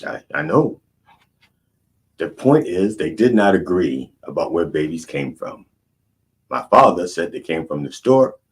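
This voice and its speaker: Husky deep-voiced man telling rambling stories. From Baltimore. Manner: rambling, self-interrupting, irreverent. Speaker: comedic preacher host. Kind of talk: storytelling stand-up monologue.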